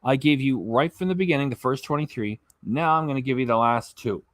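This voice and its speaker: A man's voice: medium pitch, brisk, a bit bright, no room sound. A man hosting a reaction channel, giving blunt, sarcastic commentary over clips and swearing freely.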